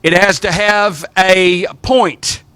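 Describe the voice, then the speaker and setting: Animated Southern-accented priest. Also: male voice, sits high, slow pace, clear, resonant tone, no echo. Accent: Southern American. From American South. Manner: animated storyteller with folksy asides, repeats phrases. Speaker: Orthodox priest teaching homiletics. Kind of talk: teaching talk to clergy.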